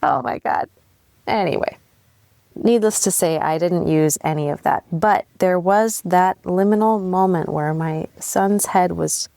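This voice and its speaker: A woman's voice: low-pitched, gravelly, no echo. A young adult woman hosting a podcast, telling a candid personal story with laughs and blunt swearing. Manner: candid and animated, swears freely, laughs at herself. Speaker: podcast host.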